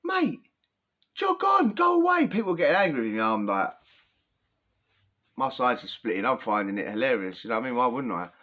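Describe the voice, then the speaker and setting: A man's voice: on the low side, animated, fast talker, long pauses, highs cut off. A young man casually telling a prison story, chatty and full of slang, often breaking into laughter.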